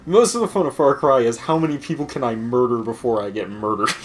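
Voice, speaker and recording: A man's voice: mid-range voice, lively intonation, brisk. Man ranting with swearing and laughs. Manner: profane ranting, laughs often, mocks quoted voices. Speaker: let's play host. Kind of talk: casual gaming commentary.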